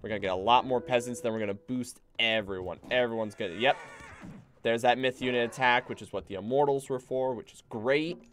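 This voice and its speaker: His voice is mid-range, brisk and a little bright as he streams a strategy game. He chats loosely, bosses his units around, throws in a swear now and then, and keeps up casual commentary on the gameplay.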